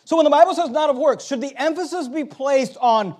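A man's voice: very high voice, brisk, few pauses, darkish tone. A man preaching a sermon, stressing key words, asking rhetorical questions and reading scripture aloud.

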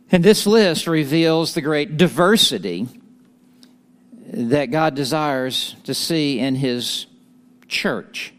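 A man praying and then teaching a morning men's Bible study, earnest and measured, with light joking asides. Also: mid-range voice. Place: live morning gathering with an audience.

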